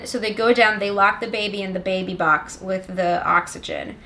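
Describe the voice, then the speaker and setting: A woman's voice: medium pitch, normal speed, vocal fry, bright, forceful tone. A young woman giving a rambling, sarcastic and profane comedic plot summary of a film. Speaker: comedic movie recapper.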